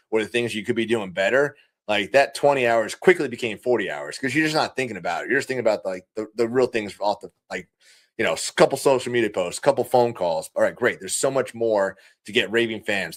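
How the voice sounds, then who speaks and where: A man who is a guest on a podcast, chatting about running his business with a lively, animated delivery and easy laughs. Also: on the low side. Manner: animated, fast-talking, laughs easily. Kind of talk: casual conversational interview.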